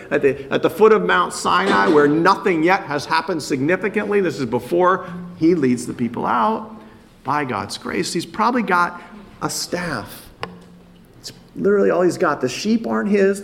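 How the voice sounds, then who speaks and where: A man's voice: sits high, gravelly, a bit bright. A man preaching a sermon, earnest, often repeating words as he builds a point. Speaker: pastor.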